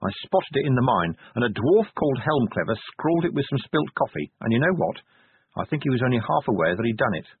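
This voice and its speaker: A man doing a gruff weary police commander. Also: mid-range voice, very animated, brisk, no echo, full character voice. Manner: blunt and cynical, sharp retorts. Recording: tinny narrow-band audio.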